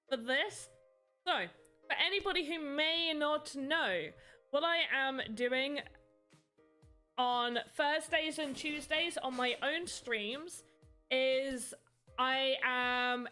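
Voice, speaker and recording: A woman's voice: high-pitched, pushed and bright. A woman with a British accent chatting casually on a livestream. She rambles a little while answering her chat. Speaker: livestreamer making voxel art.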